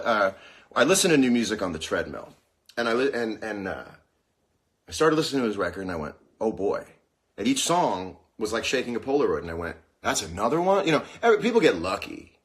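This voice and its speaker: A man in his forties hosting a casual live-stream chat, rambling and joking, now and then bursting into yells, with an aching dry socket. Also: on the low side. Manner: rambling, jokey, bursts into yelling. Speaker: show host.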